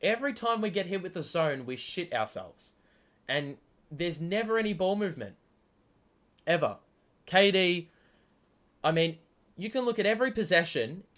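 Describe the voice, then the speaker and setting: A man calling a basketball game live for his stream audience, and his voice sits a little higher than most men's. He talks straight at the players, swearing when a play annoys him and surging when a shot drops. His delivery is quick, rough-edged play-by-play mixed with fan ranting. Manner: excitable, swears often, talks back at the players. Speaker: host. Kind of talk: live sports watchalong commentary.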